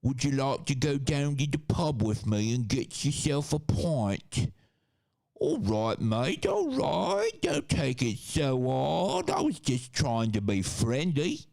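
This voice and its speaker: A man's voice: mid-range voice, huge pitch swings, takes it slowly, creaky, a little mellow, pitched above the performer's own voice, heavily acted. A man voicing a slangy, chummy British pub bloke as a mocking caricature.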